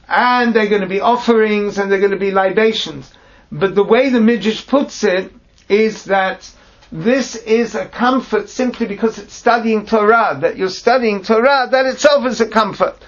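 A man teaching a Torah class, reading Hebrew phrases and translating them into English with halting restarts. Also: high voice. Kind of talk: text study class. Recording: dull lo-fi recording.

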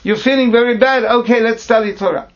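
Male Torah teacher, high gravelly voice, halting phrase-by-phrase explanation, lo-fi sound. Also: steady tone. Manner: translates Hebrew phrase by phrase, halting restarts. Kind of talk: text study class. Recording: dull lo-fi recording.

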